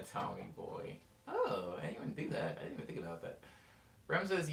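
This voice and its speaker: A man's voice: on the low side, vocal fry. Young guy rambling on a stream, voice jumps all over, kinda echoey and far from the mic. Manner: rambling, laughs often, animated storytelling. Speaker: livestream host reading chat. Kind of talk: casual chat. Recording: roomy, mic at a distance, faint noise.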